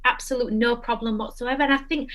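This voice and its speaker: A young adult woman, a guest telling a personal story in casual chat, animated and emotional. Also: fairly high pitch, quick pace.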